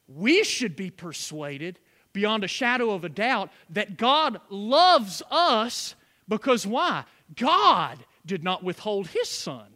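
A man's voice: high voice, pushed and bright. A man preaching a sermon as pastor, with call-and-response asides to the congregation.

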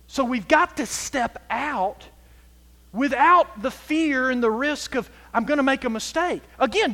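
A man preaching a sermon as pastor, emphatic and swinging from loud to hushed. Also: very high-pitched. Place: church sanctuary. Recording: hall reverb.

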